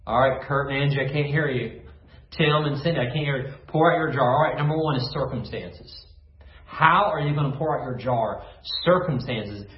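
A man's voice: mid-range voice, reverberant, highs cut off. A man preaching a short devotional sermon to listeners at home, asking them to repeat phrases back to him. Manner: call-and-response, asks listeners to repeat phrases. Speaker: pastor.

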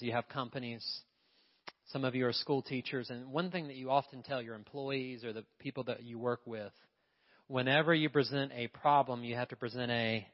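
A male pastor delivers an emphatic sermon at a mid-range pitch, often throwing questions out to his congregation. His voice rings with a long reverb through the church. The recording sounds a bit dull and lo-fi. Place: church sanctuary.

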